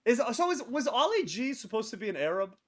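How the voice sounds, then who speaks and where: Excitable man with a lively voice. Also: very high-pitched. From Middle East. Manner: excitable, swearing, quick to argue. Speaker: podcast co-host. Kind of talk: casual chat.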